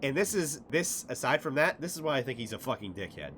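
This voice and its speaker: Excitable, profane man streaming a game. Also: medium pitch, fast, slight background noise. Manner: profane, excitable, laughing often. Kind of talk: casual gameplay commentary.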